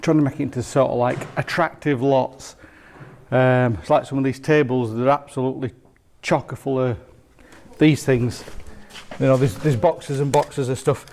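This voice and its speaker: A man working at an auction house, chatting casually in a relaxed, rambling way about sorting lots. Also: mid-range voice, moderate pace, slight background noise. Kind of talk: casual chat.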